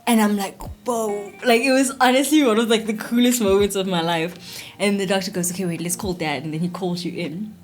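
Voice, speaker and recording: A woman's voice: medium pitch, brisk, faint music behind. A young woman chatting casually in a vlog, telling her story with lots of fillers and acting out what people said. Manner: animated storytelling, many fillers, acts out quotes. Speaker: vlogger, expectant mother. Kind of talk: casual chat.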